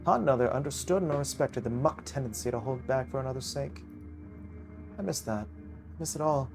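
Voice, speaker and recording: Pompous game gent, grand and wistful, voiced by a man, middling pitch. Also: gravelly, music in the background, lightly acted. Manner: pompous, drawn-out delivery. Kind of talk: reading a visual novel aloud.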